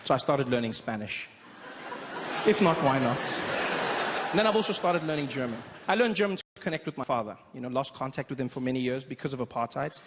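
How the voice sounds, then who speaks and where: A young man from South Africa doing a stand-up comedy routine, an animated storyteller who breaks into loud impressions. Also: mid-range voice, fairly quick, heavy background noise.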